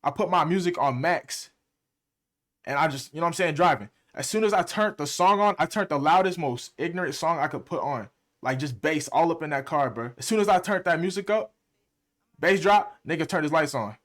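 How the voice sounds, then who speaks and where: A young man, a music producer and streamer, telling a story in a fast, heated, slang-heavy way. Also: a little high, animated, a bit bright. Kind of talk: casual storytime.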